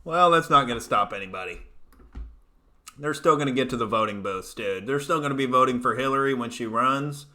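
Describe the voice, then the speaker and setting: A comedian in his thirties hosts a comedy livestream, ranting loosely, cursing, joking, and reading chat messages aloud. His medium-pitched voice is bright and pushed, moving a little fast.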